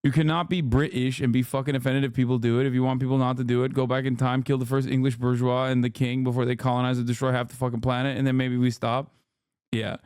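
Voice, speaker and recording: A male streamer talks over clips in blunt, profane, rapid-fire bursts. His voice sits at a middle pitch. The sound is dry and close, with no room around it. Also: level tone, darkish tone, clean tone, no echo. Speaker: livestream host. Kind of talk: streamer commentary.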